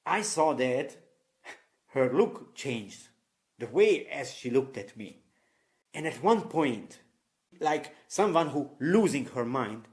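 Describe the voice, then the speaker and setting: Man from Eastern Europe telling stories. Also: mid-range voice. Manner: candid anecdotal telling, laughs at himself; non-native English with loose grammar. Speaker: vlogger. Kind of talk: personal storytelling to camera.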